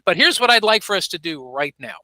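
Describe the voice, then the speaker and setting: Bright-voiced man teaching online. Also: high voice, big pitch swings, no echo, low-quality recording. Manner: patient, repeats and models pronunciation slowly. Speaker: ESL teacher. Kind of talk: online class instruction. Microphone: computer mic on a video call.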